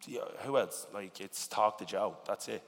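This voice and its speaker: A man with a working-class Dublin accent, talking in a casual interview, animated and swearing often with lots of "you know what I mean". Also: on the low side, normal speed, vocal fry, in a large hall, a little hiss or hum. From Dublin, Ireland. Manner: animated, swearing, filler-heavy storytelling. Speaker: rapper, interview guest.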